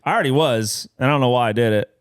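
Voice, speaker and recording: A man's voice: medium pitch, racing, clear, resonant tone. A man co-hosting a casual group podcast, self-deprecating and laughing. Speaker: podcast co-host.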